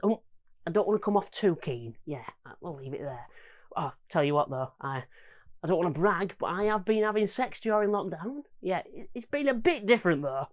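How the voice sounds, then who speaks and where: A comedian hosting a home-made comedy variety show, jokey and self-mocking. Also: male voice, high-pitched, lively intonation, fairly quick.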